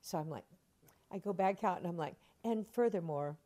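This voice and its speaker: An older woman, a stage actress in an interview, spins lively stories while laughing frequently and performing the lines she quotes. She speaks briskly in a lowish voice.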